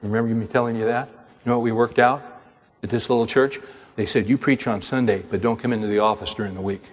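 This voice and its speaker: An older man preaching, telling a personal story in an animated way and acting out the dialogue. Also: mid-range voice, quick pace, long reverb tail. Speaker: pastor and author. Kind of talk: sermon storytelling.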